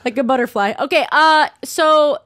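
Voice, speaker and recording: A young woman hosts with a bossy, teasing edge, swearing freely as she chats. Her voice sits a little high and sounds dry and close to the mic. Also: moderate pace, fairly bright tone, no room sound. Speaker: podcast host. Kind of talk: casual chat.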